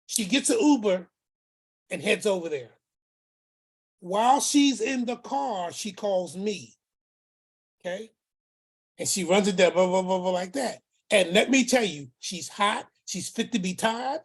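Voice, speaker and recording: A man's voice: high-pitched, lively intonation, unhurried, breathy edge. A man telling a family story as the uncle in it, acting out each person's words and repeating phrases for emphasis. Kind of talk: storytelling talk.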